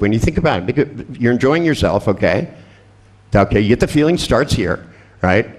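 Male seminar trainer, wildly expressive pitch, irreverent and foul-mouthed, coaching a volunteer live. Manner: irreverent, profane, joking; animated, coaching with quick instructions. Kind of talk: live workshop demonstration with a volunteer.

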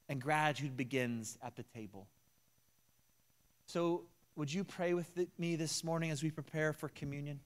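A male pastor delivering a sermon, moving between loud emphatic preaching and hushed personal confession. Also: on the high side, moderate pace. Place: church sanctuary.

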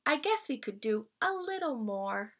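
A woman voicing a gentle, loving mother bear in a storybook, speaking softly and patiently. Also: high-pitched, big pitch swings, unhurried, background noise. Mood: tender. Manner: soft and patient.

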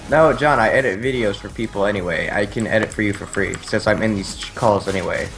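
A man's voice: fairly low pitch, fast, a bit bright. Male teammate voice, dry teasing banter, game music and gunshots plainly behind. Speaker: fellow player on a stream. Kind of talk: casual gaming chat.

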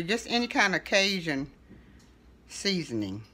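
A middle-aged woman hosting a casual home cooking tutorial, talking in a relaxed, chatty way with fillers and self-corrections. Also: sits low, moderate pace. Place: home kitchen.

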